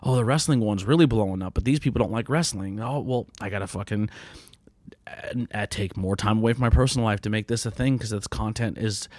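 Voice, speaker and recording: A man's voice: on the low side, fairly quick, darkish tone, no echo, clean studio sound. A man in his late thirties hosting a solo podcast, talking candidly in a blunt, profane, heartfelt and rambling way. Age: late 30s. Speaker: podcast host.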